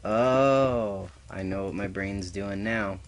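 A man's voice: fairly low pitch, slow, slight background noise. A man giving casual gameplay commentary as a let's player, goofy and talking to himself with little sound effects. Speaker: let's play gamer.

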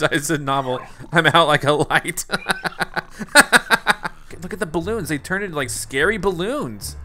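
A gaming YouTuber with a fairly high, bright, forceful voice offers casual, playful let's-play commentary as he plays a video game. He laughs a lot and exclaims whenever something surprises him.

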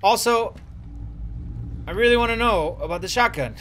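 A man hosting a casual let's-play video, playful and excitable and swearing freely as he narrates his gameplay. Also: high-pitched, moderate pace. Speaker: gaming video host. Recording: noisy game audio behind the voice.

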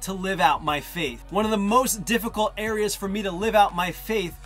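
A man in his thirties from northern New Jersey telling his personal faith testimony, animated and acting out the voices he quotes. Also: high voice, normal speed, soft background music. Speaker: testimony speaker.

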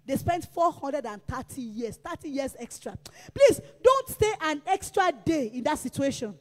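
A woman preacher delivering a sermon, emphatic and repetitive, rising to shouts. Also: high voice, very animated, normal speed, in a large hall. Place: church.

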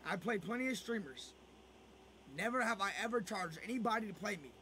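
A man chats on his game stream in a very high, bright voice. He rants profanely at viewers and circles back over the same words again and again. It sounds like loose, off-the-cuff live talk. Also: lively intonation, fairly quick, a little hiss or hum. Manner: profane, ranting, repeats himself. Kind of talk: casual live-stream chat.

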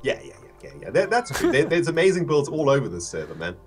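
A man's voice: on the high side, wildly swooping pitch, quick pace, music in the background. A man co-hosting a casual gaming livestream, laid-back and enthusiastic, laughing often. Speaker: livestream co-host.

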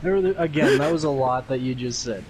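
A man's voice: medium pitch, brisk, very noisy. A young man, a podcast co-host, joking wryly in casual chat and laughing often.

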